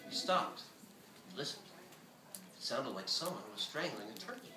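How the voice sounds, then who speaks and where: A man, the author, reading his novel aloud in a bookstore with a lively, expressive delivery. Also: medium pitch, normal speed, over music. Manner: lively, expressive reading with shouted character lines. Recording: echoey bookstore from far off.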